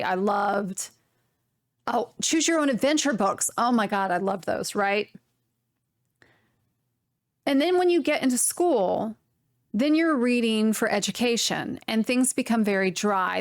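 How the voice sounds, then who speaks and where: Chatty rambling woman, high voice. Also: no room sound, studio quality. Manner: rambling, animated, swearing mildly. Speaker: knitting podcast host. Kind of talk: casual chat to camera.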